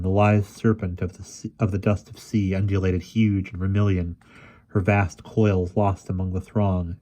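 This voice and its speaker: A man reads a fantasy novel aloud in a steady, measured way. His voice sits low and sounds dark and mellow. Now and then he restarts a word and carries on. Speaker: reader. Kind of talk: audiobook narration.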